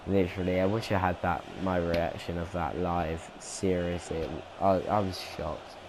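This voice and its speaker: A young man with a somewhat low voice talks casually over his football game replay. He rambles from point to point, full of ums and restarts. Steady background noise sits under his voice. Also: moderate pace. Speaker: gaming commentator. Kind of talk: casual gameplay commentary.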